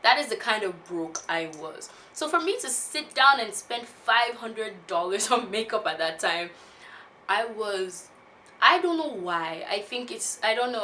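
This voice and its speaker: A woman in her twenties, a beauty vlogger, telling a personal story in a casual, animated way. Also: medium pitch, a little hiss or hum. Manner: animated, laughs often while telling.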